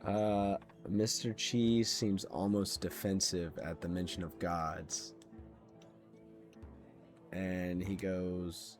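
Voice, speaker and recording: A man's voice: sits low, steady tone, slow pace. Chill guy running a tabletop game, chuckles a lot, lots of uhs, faint music behind. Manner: laid-back, chuckling, many fillers. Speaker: game master.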